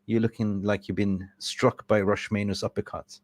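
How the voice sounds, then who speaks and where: A man's voice: lowish voice, flat delivery, normal speed, dry recording. A man hosting a live stream, talking in a casual, effusive and rambling way. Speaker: livestream host.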